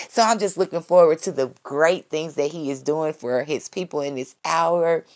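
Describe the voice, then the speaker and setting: A woman giving a casual devotional talk to her viewers, excited and repeating her phrases as she calls out to them. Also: low-pitched, normal speed, few pauses, no room sound. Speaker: Christian vlogger giving testimony.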